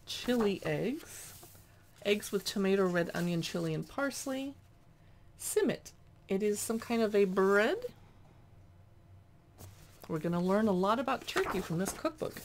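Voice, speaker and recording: A chatty woman reviewing a cookbook, reading dish names aloud and adding quick asides. Her pitch moves around a lot, with a gravelly edge to her voice. A faint noise sits behind her. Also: animated, a little mellow. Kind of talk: casual cookbook flip-through.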